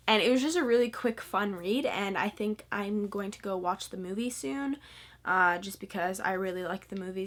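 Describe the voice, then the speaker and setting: In a casual book review vlog, a teen girl raves about what she's been reading, leaning heavily on "like" as filler. Her mid-range voice has a fairly bright tone.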